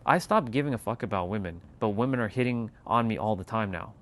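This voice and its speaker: A man's voice: lowish voice, lively intonation, fast, a bit bright. A man hosting a casual motivational livestream, talking emphatically with lots of repetition and casual swearing. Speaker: channel host.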